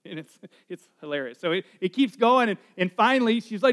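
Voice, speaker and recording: A middle-aged man, a pastor, giving a conversational sermon that moves from quiet asides to loud emphatic preaching. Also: sits high, normal speed, few pauses.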